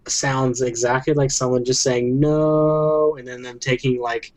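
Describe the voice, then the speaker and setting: A man co-hosting a livestream in casual chat, joking dryly and pausing on fillers. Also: mid-range voice, level tone, a little mellow, no room sound, poor audio. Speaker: livestream co-host.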